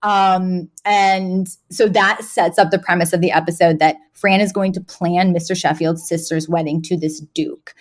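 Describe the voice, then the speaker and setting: A woman co-hosting a podcast, talking in relaxed, casual chat. She is animated and laughs a lot. She slips into voices when quoting lines from an episode. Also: on the low side, moderate pace, hardly any pauses. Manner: animated, laughs often, acts out quoted lines. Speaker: podcast co-host.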